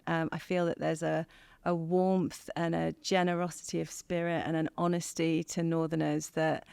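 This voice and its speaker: English woman guest, low smooth voice with fry, candid and reflective, dry close mic. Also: no room sound. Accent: northern English over a southern English base. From England. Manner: candid, thoughtful, many ums and pauses. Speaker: podcast guest. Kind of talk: reflective interview conversation.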